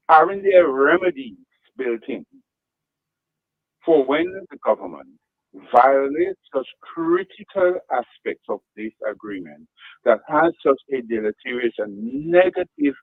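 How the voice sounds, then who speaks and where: Man asking deliberate leading questions. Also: mid-range voice, creaky, no echo, narrow, tinny audio. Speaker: radio talk show guest. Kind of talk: radio talk show discussion.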